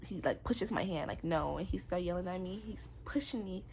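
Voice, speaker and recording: A woman's voice: on the low side, fairly quick, darkish tone, a little hiss or hum. A young adult woman telling her own story in a personal vlog, candid and earnest, with casual slang. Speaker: vlogger.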